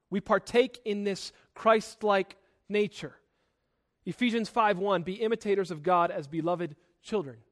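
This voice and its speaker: Man, high voice, preaching a sermon, emphatic, loud then soft, repeats words. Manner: repeats words when starting sentences. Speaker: pastor.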